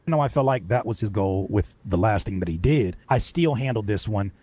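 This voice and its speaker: A man rants on a live stream in an indignant tone, talking fast and swinging his pitch widely. His voice is a little husky. The complaint comes across as casual and heated. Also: lively intonation, mellow.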